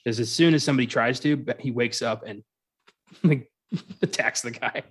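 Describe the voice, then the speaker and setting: Man co-host, casual movie chat, laughs a lot, acts out lines from scenes in quick bits. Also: mid-range voice, slightly rough. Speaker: podcast co-host.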